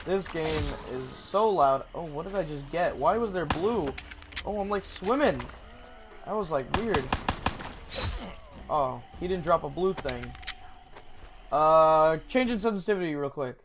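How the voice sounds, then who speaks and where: A high-pitched young man talking his way through a game, excitable and quick to curse or yelp when something surprises him. His casual commentary sits over a faint ambient hiss. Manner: excitable, swears often, yelps when startled. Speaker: gaming channel host.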